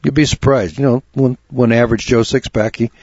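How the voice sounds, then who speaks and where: A man's voice: mid-range voice, steady tone, a little fast, a little mellow, breathy edge, no room sound, muffled recording. A man hosting a radio talk show, telling a story in a plainspoken, folksy way, repeating words and getting worked up.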